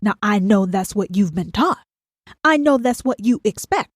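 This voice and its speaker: A woman's voice: mid-range voice, animated, moderate pace, dry recording, studio quality. A woman hosting a podcast, delivering a blunt, confrontational monologue full of rhetorical questions and swearing. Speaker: podcast host. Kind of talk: profane motivational monologue.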